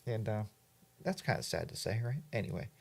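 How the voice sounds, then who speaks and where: A man's voice: on the low side, animated, fairly quick, gravelly, darkish tone, husky. A middle-aged man hosting a livestream, telling a rambling story and reading out chat comments, with lots of fillers and asides. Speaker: livestream host.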